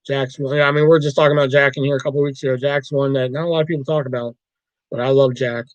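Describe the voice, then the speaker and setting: A man's voice: mid-range voice, flat delivery, quick pace, no echo, highs cut off. A man hosting a livestream, chatting casually about movies in a rambling, profane way. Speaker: livestream host.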